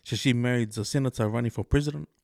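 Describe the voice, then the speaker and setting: A man co-hosting a podcast, telling stories in a relaxed casual chat and acting out other people's lines. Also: medium pitch, quick pace, no room sound, studio quality. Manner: laid-back storytelling, mimics others in quotes. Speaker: podcast co-host.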